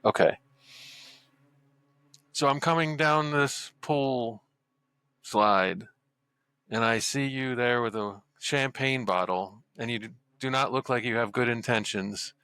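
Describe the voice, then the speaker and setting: Dude narrating his character in a tabletop game, crisp bright voice, dry sound. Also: medium pitch, no room sound. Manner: lively storytelling, quick bursts. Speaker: player.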